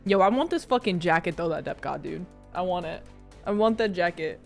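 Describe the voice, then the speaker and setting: A woman's voice: lowish voice, expressive, a little fast, gravelly, faint music behind. A young woman streaming a watch party, reacting casually with laughs and swearing. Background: match broadcast audio.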